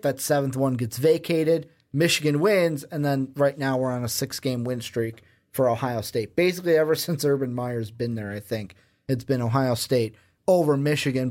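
A young man co-hosts a sports podcast, quizzing his partner in casual chat full of rambling asides. His voice is medium in pitch and a little mellow.

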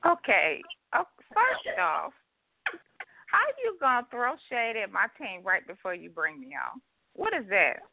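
A woman's voice: medium pitch, big pitch swings, normal speed, no echo. A woman calling in as a co-host, teasing and laughing in casual radio banter. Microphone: telephone. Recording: dry tinny phone line.

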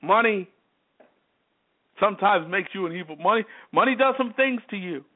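Man, sports radio host, high voice, emphatic and repetitive, phone-like audio. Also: lively intonation, moderate pace. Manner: repetitive, emphatic, worked-up commentary. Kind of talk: call-in sports talk show monologue. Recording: tinny phone-line audio.

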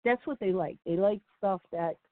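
A woman's voice: medium pitch, moderate pace, no room sound. A woman guest on a phone-in chat show, telling stories with lots of laughter and acted-out quotes. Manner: animated storyteller, laughs often, acts out quotes. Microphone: phone call. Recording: tinny phone line, dry.

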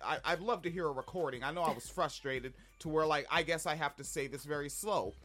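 A man co-hosting a podcast, telling a story in a casual, profane, animated way. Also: fairly high pitch, fairly quick. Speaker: podcast co-host. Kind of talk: casual chat.

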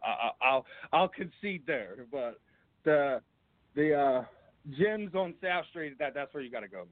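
Chummy Philly-accented host, tinny sound. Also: male voice, a little high, animated, unhurried, dry recording. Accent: Philadelphia. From Philadelphia. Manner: easygoing, chummy, says man and bro. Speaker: radio show host. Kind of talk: casual interview chat. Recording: dry, phone-like band.

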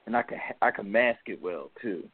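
Earnest male co-host, lowish voice, halting reflection, dry tinny line. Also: animated, husky, no echo. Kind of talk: confessional faith talk. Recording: dry phone-like lo-fi audio.

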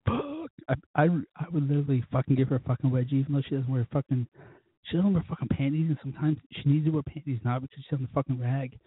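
A man's voice: mid-range voice, expressive, fast talker, slight background noise. A drunk man hosting a podcast, rambling profanely through stories with quoted asides. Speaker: podcast host. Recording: tinny phone-like line, husky voice.

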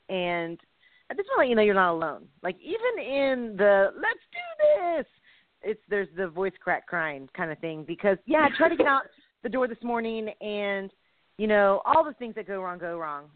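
A woman's voice: mid-range voice, no room sound. A woman co-hosting a Christian comedy radio show, chatting animatedly and laughing at herself. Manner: animated, chatty, laughs often, self-deprecating. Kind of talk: casual chat. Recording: tinny phone line.

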